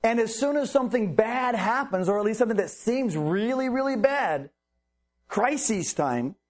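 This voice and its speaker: A man preaching a sermon, reading Bible verses and explaining them earnestly with rhetorical questions. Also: extremely high pitch.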